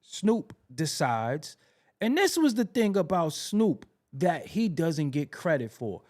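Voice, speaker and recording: A man hosting a podcast, telling music history stories in a casual, animated way and repeating himself for emphasis. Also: on the high side, takes it slowly. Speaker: podcast host.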